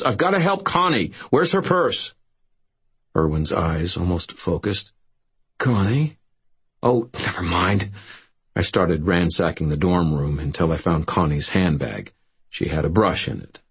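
Guy narrating an audiobook in first person, low voice, super husky.

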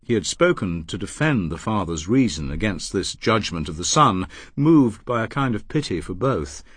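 Husky low-voiced man narrating an audiobook. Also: moderate pace, no room sound. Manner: expressive, dramatic.

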